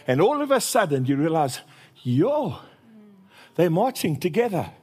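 A South African man preaching a sermon, telling stories in a lively way. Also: a little high, measured pace, slightly rough. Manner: lively storytelling with laughter.

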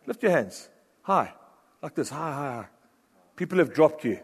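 A man preaching a sermon with passion, shifting from loud urgent bursts to hushed, low phrases. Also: big pitch swings, normal speed, husky. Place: church hall. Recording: long reverb of a large hall.

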